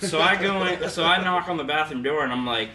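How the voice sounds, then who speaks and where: A man's voice: a little high, brisk, over a noisy crowd. A young man, co-host of a casual podcast, telling a long embarrassing story and laughing often. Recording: echoey room, far mic, background noise.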